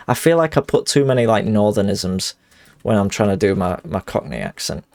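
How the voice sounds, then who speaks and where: A man streaming and chatting in a jokey, rambling way. His voice is gravelly and mid-pitched, recorded close and dry. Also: lively intonation, fairly quick, darkish tone, dry recording. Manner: jokey, rambling, laughs often. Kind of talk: casual chat while gaming.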